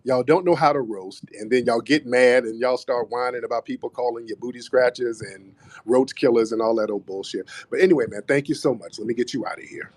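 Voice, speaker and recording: Hosting a live online audio room, a man with a mid-range, slightly mellow voice speaks a little fast. He mockingly taunts a caller in a heated debate, calling him "brother" over and over.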